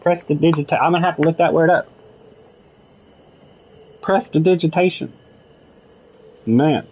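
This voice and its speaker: A man's voice: fairly high pitch, unhurried, slightly rough. A young man casually commenting while playing a video game, making wry jokes and musing aloud. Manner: wry, joking asides, muses aloud. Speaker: gamer. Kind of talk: let's play commentary. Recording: slightly muffled with faint game music.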